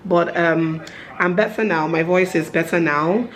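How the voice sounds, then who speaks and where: A woman's voice: fairly low pitch, a little slow. A woman, chatting upbeat as a vlogger at home. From Nigeria. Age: 30s. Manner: chatty, upbeat, lots of fillers. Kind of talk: casual vlog chat.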